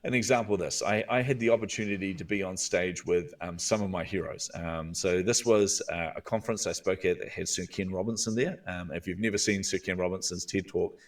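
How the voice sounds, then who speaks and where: A man with a New Zealand accent tells stories as an interview guest, bringing inner voices to life with long thoughtful pauses. His voice sits low. He sounds a little distant from the microphone. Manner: animated, acts out inner voices with drawn-out "hmm". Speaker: guest, visibility coach. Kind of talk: storytelling interview talk.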